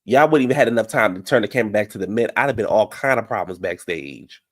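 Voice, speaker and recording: A man giving brash, profane reality TV recap commentary, heated and animated. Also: on the low side, fast talker.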